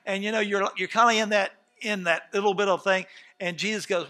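A man preaching a sermon as pastor, swinging from soft asides to shouted outbursts and acting out quoted dialogue. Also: sits high, fairly even intonation, a little fast. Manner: acts out quoted dialogue in scenes.

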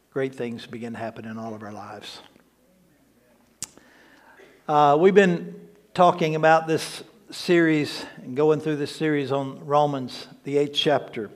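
A man, lead pastor of a church, preaching an emphatic, conversational sermon that repeats key words for stress and adds humorous asides. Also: mid-range voice.

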